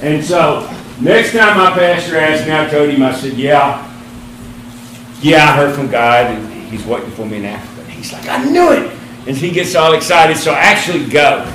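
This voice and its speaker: A man telling a personal faith testimony in a lively storytelling style, acting out the other people in the story with big jumps in his voice. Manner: animated storyteller, acts out quoted voices with big pitch jumps. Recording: roomy with faint ambient noise.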